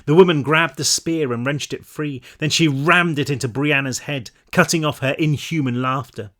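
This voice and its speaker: A man narrating his own novel in a measured reading, now and then dropping into relaxed asides to his listeners. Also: a little high. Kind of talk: audiobook-style read-through.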